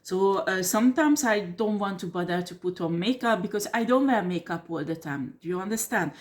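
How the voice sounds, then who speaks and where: A medium-pitched woman speaks at normal speed with lively intonation. In her tarot monologue to camera she comes across blunt and combative, cursing, laughing scornfully, and repeatedly checking "okay?" and "do you understand?"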